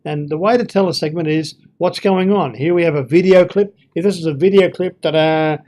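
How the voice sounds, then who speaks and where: A man's voice: on the high side, fairly quick, a little mellow. A man giving an informal Bible lesson, thinking aloud with fillers and reading verses with feeling. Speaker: Bible teacher.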